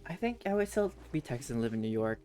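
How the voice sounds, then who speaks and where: A giggly woman with a low voice chats on a stream, and her pitch swings widely as she rambles on with plenty of fillers. Faint music plays behind her. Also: sing-song, quick pace, dark tone. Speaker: guest co-streamer. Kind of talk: casual chat while gaming.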